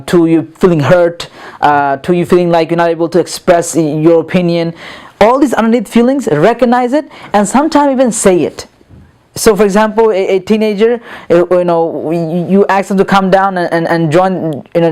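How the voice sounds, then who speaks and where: A middle-aged man teaching a lesson on calming angry people, earnest, repeating words and restarting sentences, with many fillers. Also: sits high. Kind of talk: lecture on calming anger.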